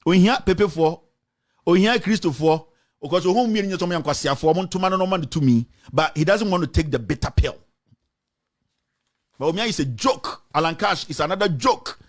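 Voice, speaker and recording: A man's voice: sits high, expressive, moderate pace. A man with a Ghanaian accent hosting a heated political talk radio show, switching between English and Twi. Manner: fiery, mixes English with Twi.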